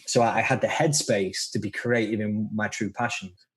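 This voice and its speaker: A man's voice: fairly low pitch, fairly even intonation, normal speed. A man from northern England with a Northern English accent, a guest coach talking bluntly and swearing freely in a casual podcast conversation.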